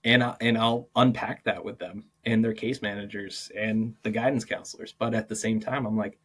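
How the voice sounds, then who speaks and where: A man's voice: medium pitch, moderate pace. Chatty young man telling teaching stories. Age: 20s. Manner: animated, acts out quoted dialogue, many "like" fillers, laughs often. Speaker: podcast guest, martial arts and PE teacher. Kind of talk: casual interview storytelling.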